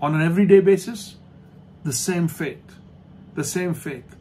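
A man preaching a sermon as pastor, emphatic and repetitive, slowing down to stress points and dropping to a soft hush at the end of each thought. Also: fairly high pitch, a little hiss or hum. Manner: emphatic, repeats key phrases, slows down for stress. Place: online church service.

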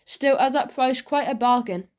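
A woman's voice: sits high, normal speed, a little mellow, close to an everyday voice. A woman reading an audiobook, voicing a kind, chatty, scatterbrained middle-aged male shopkeeper. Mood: kindly. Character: kindly cheerful male newsagent, middle-aged.

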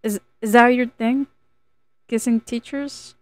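A woman's voice: fairly high pitch, steady tone, slow pace, a little mellow, no echo, voice pushed up. A woman voicing a hurt, angry teenage girl who pleads and accuses in a raised, strained voice. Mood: hurt, accusing.

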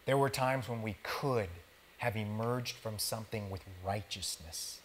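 A man's voice: fairly low pitch, a little slow, slight background noise. A male pastor preaching in an easygoing, conversational way, talking directly to his congregation with slangy everyday words. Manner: casual, conversational preaching that talks straight to the congregation. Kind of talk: sermon.

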